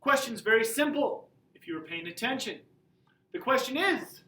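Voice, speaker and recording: A chatty high school teacher who jokes around while handing out an assignment. The bright voice comes from some distance off the mic, in a roomy, echoing space with faint ambient noise. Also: sing-song, normal speed. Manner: chatty, joking, informal. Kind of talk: casual class video. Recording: roomy audio from away from the mic.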